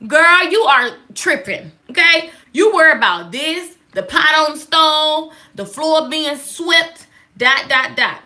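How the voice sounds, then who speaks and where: Sassy woman doing a devotional, high bright voice, lots of come on somebody. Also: measured pace. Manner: sassy, animated, call-and-response. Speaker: speaker giving a devotional talk. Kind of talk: casual devotional talk.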